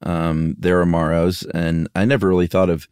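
A man co-hosting a podcast in casual chat, relaxed and quick to laugh. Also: low-pitched, clear, resonant tone, no echo, studio quality. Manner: relaxed, laughs easily, sings goofy jingles. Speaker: podcast co-host.

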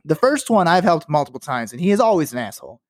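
A man's voice: a little high, fast, dry recording. Guy on a podcast ranting about his day at work, cursing a lot, doing voices, dry mic. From works in Los Angeles. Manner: animated, profane, acts out quotes. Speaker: podcast co-host. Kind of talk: casual storytelling chat.

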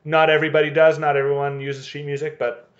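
A man's voice: fairly high pitch, little pitch movement, fast talker, reverberant, dull audio. A man co-hosting a casual podcast chat, sweary and jokey, retelling TV scenes with the characters' lines. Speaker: podcast co-host. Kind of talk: casual chat recapping a TV episode.

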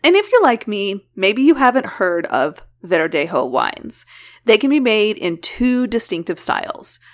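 A woman's voice: medium pitch, big pitch swings, unhurried. A woman co-hosting a podcast, chatting casually and animatedly, often laughing. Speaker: podcast co-host. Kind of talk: casual chat.

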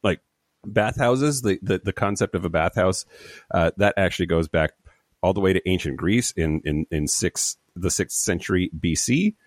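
A man's voice: sits low, moderate pace, no room sound, studio quality. A man co-hosting a podcast remotely while sick with covid, rambling and repeating words as he explains. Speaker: podcast co-host. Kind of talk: casual chat. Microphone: remote recording.

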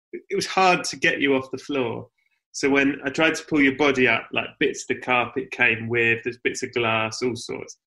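A man hosting a comedy podcast, telling absurd stories in a casual deadpan way and swearing freely. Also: mid-range voice, rough recording. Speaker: podcast host.

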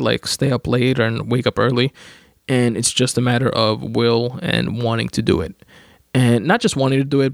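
Young man, gravelly voice, dry close mic, rambling self-help talk, lots of fillers. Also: mid-range voice, no echo. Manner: rambling, with many restarts and fillers. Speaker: podcast host reading his own writing. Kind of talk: casual self-help monologue.

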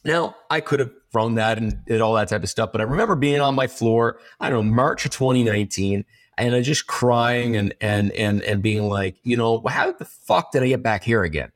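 A man's voice: mid-range voice, normal speed. A man speaking as an interview guest, frank and rambling, swearing freely and restarting his sentences often. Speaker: guest entrepreneur. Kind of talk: candid conversational interview.

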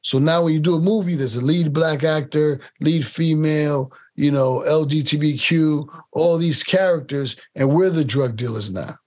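A man's voice: on the high side, normal speed, few pauses, a little mellow. Man talking through an interview, rambling. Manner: rambling, repeats words while finding his point; mimics other people's accents while telling stories. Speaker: casting director. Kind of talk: casual interview conversation.

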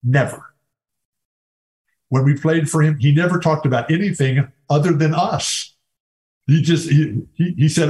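A man's voice: fairly high pitch, a little slow, long pauses, a little mellow, rough recording. An older man, a former college basketball player, talking as a guest in a casual interview, telling enthusiastic stories with many restarts.

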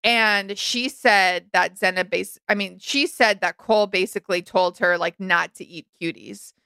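A young adult woman co-hosting a podcast, talking through a reality show in a frank, animated, casual way. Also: mid-range voice, unhurried, gravelly, smooth, no echo. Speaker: podcast co-host. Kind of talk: casual recap chat.

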